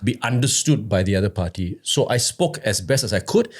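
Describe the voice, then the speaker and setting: Man, Singaporean English, animated storyteller, lively swinging pitch, podcast guest. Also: a little fast. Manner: animated storyteller who slips into voices. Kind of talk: casual podcast chat.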